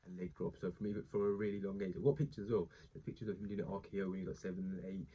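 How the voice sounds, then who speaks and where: A man's voice: deep voice, steady tone, racing, mellow, husky, rough recording. A man, talking in a casual, rambling way with lots of asides as he reviews a wrestling show. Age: late 20s. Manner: chatty, digressive, many asides and fillers.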